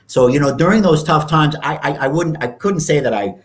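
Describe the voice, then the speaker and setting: A man in his sixties from Canada, a guest telling stories in an animated, casual way, often acting out other people's voices. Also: fairly high pitch, fairly quick. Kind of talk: casual storytelling interview.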